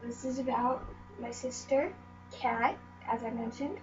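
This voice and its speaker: Rambling teen girl with a high voice. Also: a little slow. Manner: rambling, meandering, lots of "like" and "um". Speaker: vlogger. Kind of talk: casual storytelling vlog. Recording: dull lo-fi audio with faint mains hum.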